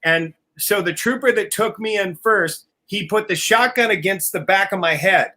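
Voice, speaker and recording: Guy telling crazy tour stories on a live call, high bright voice, lots of laughing and swearing. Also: moderate pace. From family from Oklahoma. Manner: profane, laughing, acts out other people's voices. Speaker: guest musician telling road stories. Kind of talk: casual storytelling on a live video call.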